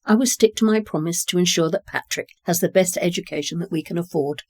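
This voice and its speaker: A reader voicing a kindly, reassuring farmer. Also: male voice, high-pitched, fast talker, no echo, studio quality. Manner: warm, reassuring and generous. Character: kindly grown man, a farmer, generous and reassuring. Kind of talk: reading dialogue in a short story.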